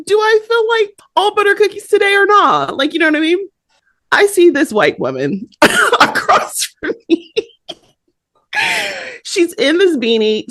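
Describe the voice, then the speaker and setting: A woman co-hosting a podcast, telling a story in a lively, animated way and laughing often. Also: medium pitch, dry recording, clean studio sound. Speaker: podcast co-host. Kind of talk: casual chat.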